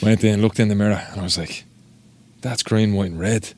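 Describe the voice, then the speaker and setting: A man with a Dublin Irish accent, a tattoo artist telling stories on a casual podcast, sweary and animated as he acts out what people said. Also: lowish voice, brisk. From Ireland. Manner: sweary, animated storyteller acting out quotes.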